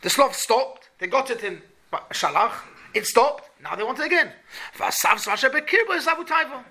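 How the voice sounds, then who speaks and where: A man's voice: very high-pitched, expressive, normal speed, bright, forceful tone. A man teaching a Talmud class to boys, asking questions and repeating his points. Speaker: Torah teacher.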